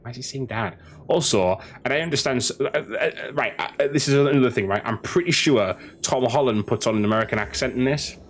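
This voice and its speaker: A man's voice: medium pitch, quick pace, hardly any pauses, slight background noise. A man rambling through opinionated casual commentary as a gaming streamer, often restarting his sentences. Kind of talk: casual commentary over gameplay.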